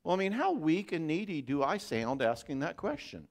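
Animated, joking man speaking at a marriage conference. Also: a little high, normal speed. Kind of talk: conference talk to couples. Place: church.

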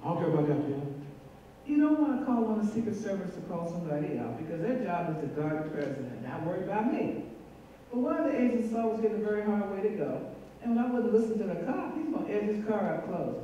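A woman in her sixties telling stories on stage in a lively way, laughing and acting out what people said, as a guest speaker in a large hall. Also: medium pitch, fast talker, far from the mic, highs cut off. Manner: lively, laughing, acts out quotes. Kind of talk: animated storytelling on stage. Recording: echoey hall, mic from afar, faint hiss.

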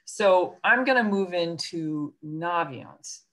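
A woman's voice: on the low side, lively intonation, takes it slowly, fairly bright tone. A woman school counselor with a New York accent, giving a chatty presentation to parents on a video call with many fillers and self-deprecating asides.

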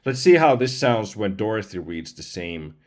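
A man's voice: fairly low pitch, very animated, normal speed. A man, a professional voice-over artist, casually explaining and testing voice tools, chatty with small asides. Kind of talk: casual tutorial chat.

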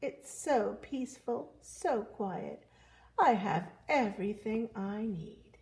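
A woman's voice: mid-range voice, expressive, slow pace, creaky, a little mellow. A woman voicing a fussy, orderly male duck in a children's story, prim and indignant. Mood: content. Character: fussy, orderly male duck who guards his pond.

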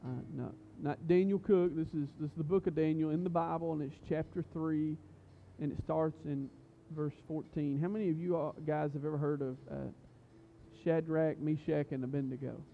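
A fairly high-voiced man leads a youth service in church, preaching loosely and cracking jokes. He stumbles through fillers and restarts. The recording sounds dull and lo-fi. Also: steady tone, moderate pace, gravelly, slight background noise. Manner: chatty, joking, full of fillers and restarts. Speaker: youth pastor. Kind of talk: casual youth sermon. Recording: muffled lo-fi recording.

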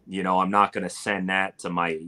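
A man's voice: low voice, level tone, a little fast, bright, forceful tone. A man talking casually as a guest in an interview, rambling with plenty of fillers as he tells a story. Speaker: barbecue cook and guest. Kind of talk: casual live-stream interview.

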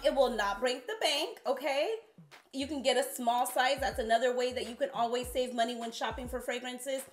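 Chatty female vlogger reviewing perfumes, talks right to viewers, roomy echo. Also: a little high. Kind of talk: casual product review vlog.

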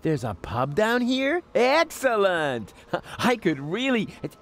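A smug, scheming young hero. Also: male voice, high voice, sing-song, slow pace, fairly bright tone, exaggerated voice. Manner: smug, sarcastic. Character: cocky young man, scheming and sarcastic. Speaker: game protagonist. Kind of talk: video game voice acting.

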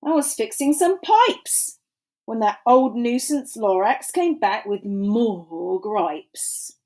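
Woman reading a kids book out loud, slow and expressive, kinda high voice. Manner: animated, drawn-out storytelling. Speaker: storybook reader. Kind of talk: expressive children's read-aloud.

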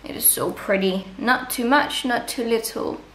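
A young Danish woman, a native Danish speaker, chats casually to camera as a beauty vlogger in a room at home, bubbly and gushing, with quick asides to viewers. Her voice is a little high and fairly bright, and the recording has an echoey room and a little hiss or hum.

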